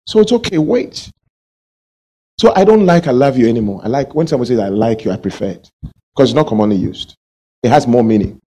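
A man's voice: mid-range voice, dark tone, slightly rough. A male pastor preaching a sermon, asking the congregation questions and acting out everyday quarrels.

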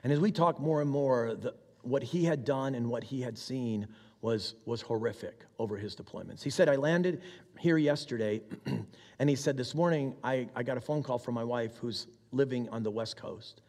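Storytelling chaplain in a reverberant hall. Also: male voice, mid-range voice, moderate pace, darkish tone. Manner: conversational storyteller, acts out dialogue, frequent throat clearing. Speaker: military chaplain. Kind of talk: sermon storytelling.

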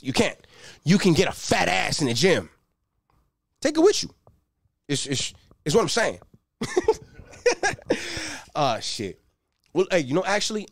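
A young male comedian works through a profane, streetwise stand-up set. His voice sits high for a man and swings widely in pitch. He breaks into shouted bursts, and the sound is dry and close. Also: no echo. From Los Angeles. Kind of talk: stand-up routine.

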